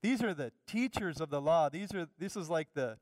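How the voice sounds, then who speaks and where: A middle-aged male pastor preaching a sermon with fervent emphasis, easing into quiet personal asides. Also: on the high side, lively intonation, moderate pace, no echo, in a large hall.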